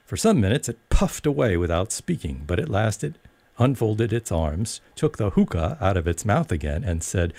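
A man narrating a storybook in a measured, expressive way. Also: fairly low pitch, creaky, dry recording. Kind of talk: storybook reading.

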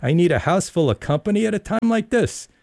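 A man's voice: high voice, animated, brisk, vocal fry, a little mellow, no echo, clean studio sound, voice pushed up. A man voicing a stern, nagging middle-aged mother who scolds sharply. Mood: scolding.

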